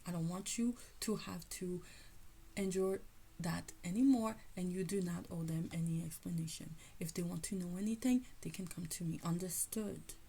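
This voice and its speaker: A woman voicing God as a stern, protective male father, scolding in a husky, half-whispered tone. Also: fairly low pitch, moderate pace, dark tone. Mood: firm.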